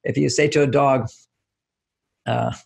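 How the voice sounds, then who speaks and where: A man's voice: medium pitch, steady tone, unhurried, vocal fry, slightly rough. An older man being interviewed as a relationship author, explaining with everyday examples and acting out little quotes in a raised voice. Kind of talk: casual interview talk.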